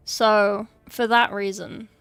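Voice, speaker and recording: Casting: young woman from England, unhurried wry livestream banter, faint background music. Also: mid-range voice, little pitch movement, fairly bright tone, smooth, no echo. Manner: chatty, wry, talks to chat while working. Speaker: streamer painting miniatures. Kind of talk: casual livestream chat.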